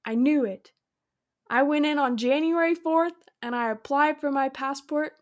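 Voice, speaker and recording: A woman's voice: high voice, unhurried. A young adult woman hosting a solo podcast, talking casually and upbeat about spirituality and surrender, acting out imagined conversations. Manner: upbeat, spiritual, talks through imagined dialogues. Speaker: podcast host.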